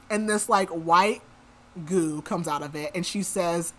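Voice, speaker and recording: A woman's voice: fairly low pitch, a little slow. A woman podcast host casually retelling a novel's plot, quoting the characters in her own everyday voice with lots of "like.". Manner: chatty, quotes characters in her own voice, frequent "like". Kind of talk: casual book recap.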